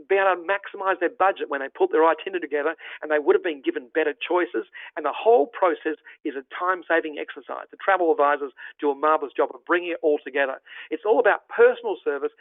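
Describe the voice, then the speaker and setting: An Australian man with a slightly raised voice pitches travel in an upbeat, folksy, promotional way. His voice comes through a tinny, phone-like line with a dry, close sound. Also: no room sound. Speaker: travel presenter. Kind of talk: online travel presentation.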